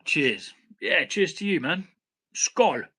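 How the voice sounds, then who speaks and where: Blunt, bright-voiced British man. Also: on the high side, big pitch swings, slow pace, breathy edge. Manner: blunt, swears casually, laughs at himself. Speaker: home brewing channel host. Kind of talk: casual live stream chat.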